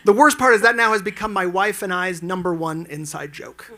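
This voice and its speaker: A man performs a stand-up set at a live event lounge. His voice sits high and rings bright. He tells his stories animatedly and acts out the quotes. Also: brisk. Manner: animated storytelling, acting out quotes with sudden jumps in pitch. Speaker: stand-up comedian.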